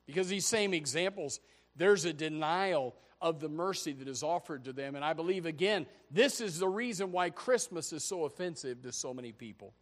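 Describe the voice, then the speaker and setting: Impassioned high-pitched male preacher. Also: expressive, normal speed. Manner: impassioned, rising to loud emphatic peaks. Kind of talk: sermon.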